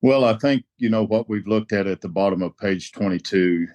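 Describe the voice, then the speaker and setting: A man with an accent offers his takeaway at a recovery roundtable. His voice is very deep, and he stresses points by repeating them. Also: normal speed, a little mellow. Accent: non-native. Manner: emphatic, repeats key words. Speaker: roundtable participant. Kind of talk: casual recovery-meeting sharing.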